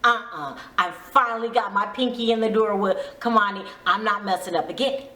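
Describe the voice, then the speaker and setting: A woman's voice: mid-range voice, normal speed, sharp tone, close to an everyday voice. A woman voicing a baffled, irritated young man in an exasperated way. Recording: roomy echo.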